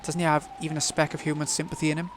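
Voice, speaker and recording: A man's voice: fairly high pitch, flat delivery, rapid-fire, noisy background, natural voice. A man reading a visual novel aloud, voicing a grieving, hot-headed young man who makes bitter, defiant outbursts.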